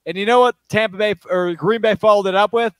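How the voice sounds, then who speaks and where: A man hosting a post-game sports talk show, talking quickly with lots of fillers and getting worked up. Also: high-pitched, smooth, dry recording. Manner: fast, excited, many fillers. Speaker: show host.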